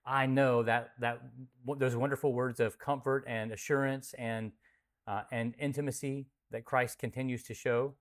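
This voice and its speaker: A man serving as pastor reads scripture, prays, and then leads a conversational Bible study, asking questions and repeating responses back to the group. His mid-range voice is fairly bright, steady in tone and at normal speed.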